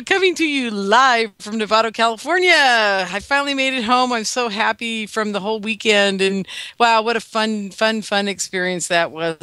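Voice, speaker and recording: A woman hosting a radio interview show, chatty and exclaiming, with a gravelly voice. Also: on the high side, sharp tone, no echo. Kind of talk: casual radio interview chat.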